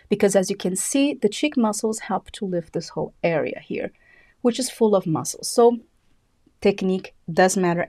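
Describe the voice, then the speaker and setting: A woman with a Brazilian accent, a native Portuguese speaker, hosting a live skincare device tutorial and talking fast and excitedly. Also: medium pitch, no room sound, studio quality. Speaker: beauty channel host.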